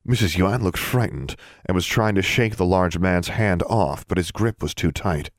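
Reading an audiobook aloud, a man tells the story in a steady, measured way. He has a low voice, captured in a dry, studio-quality recording.

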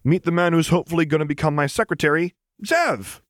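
A man reading an audiobook voices a cheerful, mischievous young man with a bright, teasing delivery. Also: fairly high pitch, lively intonation, fast, no room sound, clean studio sound, pitched above the performer's own voice, close to an everyday voice. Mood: upbeat.

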